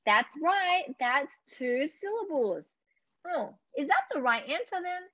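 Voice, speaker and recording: A young Australian woman leading a children's lesson, gently encouraging the kids and drawing her words out. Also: high voice, sing-song, unhurried. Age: young adult. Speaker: speech clinic presenter. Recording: dull dry lo-fi audio.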